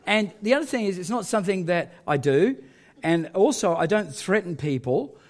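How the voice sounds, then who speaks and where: A man's voice: high-pitched, very animated, normal speed. A male pastor, telling a story in a sermon with self-mocking humour and frequent laughter.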